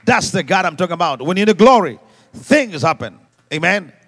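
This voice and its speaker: A male preacher with a somewhat high voice, leading a church congregation in call-and-response. He drops to quiet asides, then rises to shouted commands. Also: sing-song, brisk, creaky. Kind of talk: sermon. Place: church service before a congregation.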